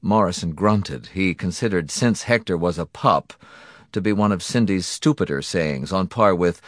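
A man narrating a story in a measured, dry storytelling manner. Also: deep voice, expressive, dry recording. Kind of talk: audiobook narration. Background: music.

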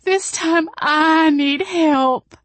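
A woman's voice: fairly high pitch, animated, dry recording, voice pushed up. Give me a woman playing a sobbing backwoods werewolf woman, plaintive and drawn out, for a storybook. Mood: wailing. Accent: rural Southern US backwoods. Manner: wailing, drawn-out vowels.

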